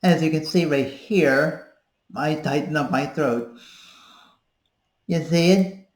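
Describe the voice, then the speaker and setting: A woman's voice: low voice, slow, a little mellow, reverberant. A woman giving an informal voice-training tutorial, explaining and demonstrating as she goes. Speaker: voice coach. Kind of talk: casual video tutorial.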